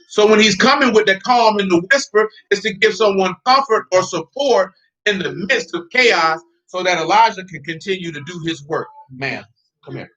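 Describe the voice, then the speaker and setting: A man's voice: sits high, a bit bright, lo-fi sound. A man preaching in a loose, conversational way, joking and talking straight to his congregation. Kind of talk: conversational sermon.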